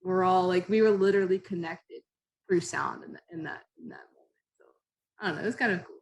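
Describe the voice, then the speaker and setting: A woman's voice: fairly low pitch, fast, poor audio. A woman, a guest climber, chatting casually and searching for words with many fillers. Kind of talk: casual podcast chat.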